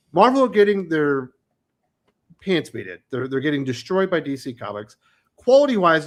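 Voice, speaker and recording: A man's voice: fairly high pitch, fairly bright tone. A man hosting a casual podcast chat, blunt and opinionated, who swears freely. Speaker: podcast host.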